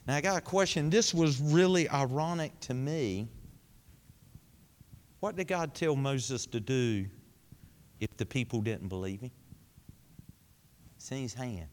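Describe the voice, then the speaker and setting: A man preaching a sermon, asking the congregation questions and answering them himself, swinging between high emphatic lines and low quiet ones. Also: animated, measured pace, pauses often. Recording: long hall reverb.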